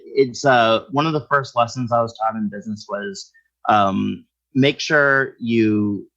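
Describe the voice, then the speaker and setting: A man in a relaxed interview, speaking at a middle pitch and working through his ideas as he explains them. The recording is slightly muffled and lo-fi. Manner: explanatory, thinks aloud. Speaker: skip tracer guest. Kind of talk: casual interview talk.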